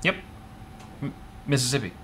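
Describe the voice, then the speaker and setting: A man's voice: medium pitch, lively intonation, normal speed, bright, forceful tone, slight background noise. A man co-hosting a live tech show, joking playfully and laughing often as he thanks viewers. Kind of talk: casual live-stream chat.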